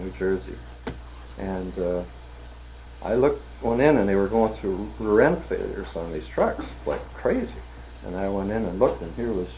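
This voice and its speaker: An older man with a lowish voice spins animated stories from his working years. He acts out each person he quotes and breaks into laughter at the punchlines. A faint ambient hiss sits under the recording. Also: vocal fry, poor audio. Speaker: interviewee telling stories. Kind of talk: casual storytelling.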